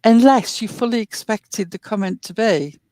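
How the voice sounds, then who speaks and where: A woman's voice: medium pitch, normal speed, mellow, dry recording. A woman hosting a commentary show, earnestly retelling and explaining a clip step by step. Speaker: commentary host.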